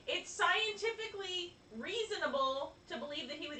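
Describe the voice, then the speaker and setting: A woman co-hosting a casual chat, animated and laughing often. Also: very high voice, a little slow, reverberant, recorded from a distance, slight background noise. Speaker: podcast co-host.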